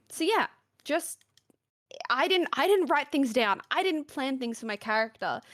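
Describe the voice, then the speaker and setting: A woman's voice: fairly high pitch, dry recording, clean studio sound. A woman on a video call giving earnest, emphatic advice in a casual chat. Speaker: panelist on a roleplay Q&A stream.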